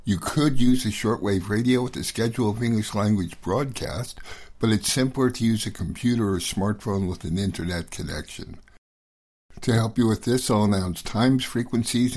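A man hosting and producing a news review radio show, reading a script in a measured, steady way. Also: lowish voice, breathy edge.

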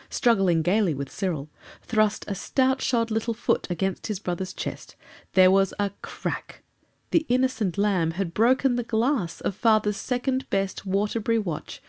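A woman reading a storybook aloud as narrator, measured and expressive. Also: mid-range voice. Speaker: audiobook narrator.

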